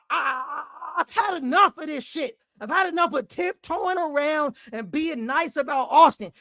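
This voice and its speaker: A man hosting a basketball fan show, ranting angrily with heavy profanity and frequent shouting. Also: extremely high pitch, vocal fry, no echo, clean studio sound. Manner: angry, profane, often shouting. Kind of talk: heated fan rant.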